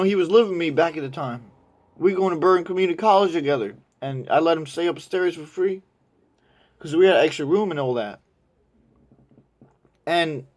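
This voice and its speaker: A young man tells a story in a loose, rambling way, swearing freely. His voice sits fairly high for a man. He gets animated whenever he imitates the people in the story. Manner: crude, rambling, animated when quoting others. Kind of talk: casual storytelling.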